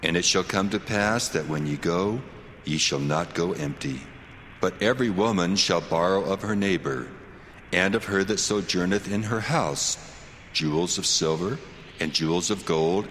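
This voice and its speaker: A man giving a slow, solemn, measured scripture reading. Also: sits low, a bit bright, long reverb tail, slight background noise.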